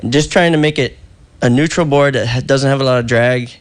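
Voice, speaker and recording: A man's voice: mid-range voice, fairly quick. A middle-aged man, a surfboard shaper, chatting casually as a radio guest and laughing easily. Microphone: phone line.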